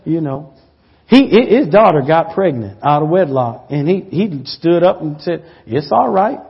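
High-voiced pastor guy preaching, goes big then drops real quiet, dull lo-fi church audio. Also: expressive, a little slow, creaky, breathy edge. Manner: swings between loud emphatic peaks and soft hushed asides. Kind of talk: sermon.

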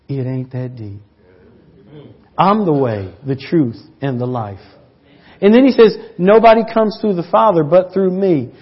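A man preaching a sermon as pastor, swinging between loud emphatic peaks and soft hushed asides. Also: high-pitched, slightly rough. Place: church. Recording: dull lo-fi church audio.

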